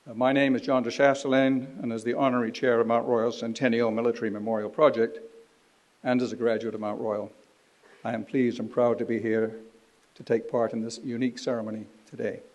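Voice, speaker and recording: A man in his seventies from Canada, giving a formal ceremonial speech at a podium in a measured, dignified way. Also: medium pitch, flat delivery, a little mellow, dull audio. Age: 70s. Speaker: ceremony speaker. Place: university ceremony hall.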